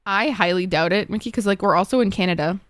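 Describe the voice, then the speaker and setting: A young Egyptian woman streams from her desk at home, chatting casually and answering viewers in a fast, mid-range voice. She fills her talk with "like" and swears freely. There is no room sound.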